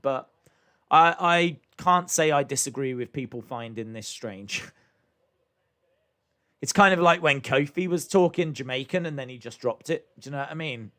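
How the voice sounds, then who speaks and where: A man's voice: mid-range voice, a bit bright. Chatty man reacting live. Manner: chatty, thinking aloud with many fillers. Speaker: live stream host reacting to wrestling. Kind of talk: casual live reaction commentary.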